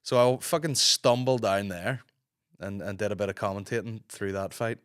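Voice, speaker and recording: Northern Irish podcast host in his thirties, hoarse from a cold, lowish voice, swears a lot, dry close mic. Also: moderate pace, dry recording. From Northern Ireland. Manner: swearing, rambling storyteller. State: hoarse from a sore throat. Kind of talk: casual solo podcast chat.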